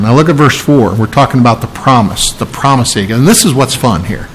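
A man's voice: mid-range voice, animated, brisk, few pauses, low-quality recording. A man preaching an expository sermon, explaining scripture verse by verse in an emphatic way. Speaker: pastor.

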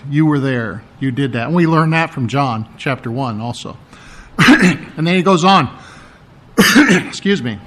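A man preaching an expository Bible lesson, stressing key words by repeating them and clearing his throat often, with casual asides and fillers. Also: fairly high pitch, fairly bright tone. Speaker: pastor.

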